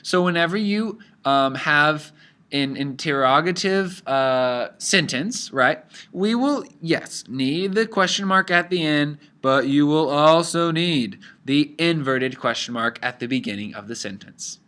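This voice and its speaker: Upbeat, bright-voiced male teacher. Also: on the high side, lively intonation, a little slow, clear, resonant tone. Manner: upbeat, explains patiently, mixes Spanish into English. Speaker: Spanish teacher. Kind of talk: language lesson.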